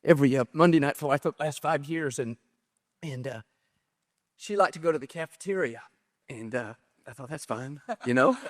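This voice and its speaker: A middle-aged man with a drawl, a pastor telling a personal story on stage, halting and tearful, his voice cracking. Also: on the high side. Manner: halting and tearful, with many restarts and soft laughs. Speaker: pastor being interviewed. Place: stage at a large pastors' gathering. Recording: long reverb of a large hall.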